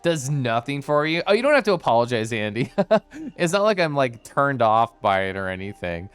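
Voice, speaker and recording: Chatty male streamer, bubbly and giggly, very expressive pitch, smooth clear voice. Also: moderate pace, soft background music. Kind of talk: casual livestream chat over gameplay.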